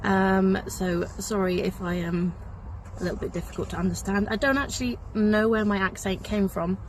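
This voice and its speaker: A woman's voice: medium pitch, steady tone, normal speed, poor audio. A woman with a Devon accent, recording a chatty, giggly video message outdoors at a motorway service station. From Devon, England. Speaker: assistant director of a research group. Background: faint traffic noise.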